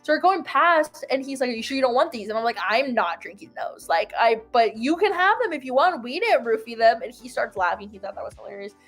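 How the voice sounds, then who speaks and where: High-voiced young woman telling a rambling story. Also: fairly quick, few pauses, soft background music. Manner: rambling, filler-heavy "like", animated retelling. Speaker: host. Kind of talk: casual storytelling chat.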